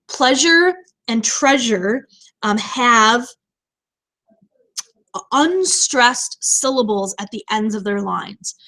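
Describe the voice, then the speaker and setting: A woman teacher explaining poetry terms in a recorded lecture, slowing down to stress key words. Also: fairly high pitch, a bit bright.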